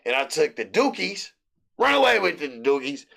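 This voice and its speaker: A middle-aged American man hosting a sports betting show, rambling loosely through his picks with hype and shout-outs. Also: on the high side, sing-song, moderate pace, gravelly. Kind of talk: casual sports picks monologue.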